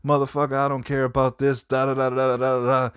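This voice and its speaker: A man's voice: medium pitch, monotone, fast, smooth, dry recording, clean studio sound, voice pushed up, lightly acted. A man putting on the voice of a defiant, profane older preacher who rants and swears. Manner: brash, swearing, preachy ranting.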